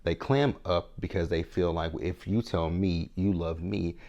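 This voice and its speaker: A man's voice: low voice, fairly even intonation, a little slow, a little mellow, muffled recording. A man in his thirties giving a frank, chatty TV recap, often checking in with his viewers. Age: 30s. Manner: chatty, frank, keeps asking "right?". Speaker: TV show reviewer. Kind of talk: casual recap commentary.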